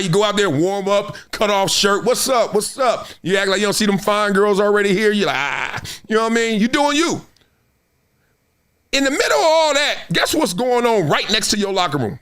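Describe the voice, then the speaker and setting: A male host talks through sports stories in a lively, bouncing voice that swings widely in pitch. He is profane and animated and keeps acting out scenes as he riffs. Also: brisk. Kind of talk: casual commentary show.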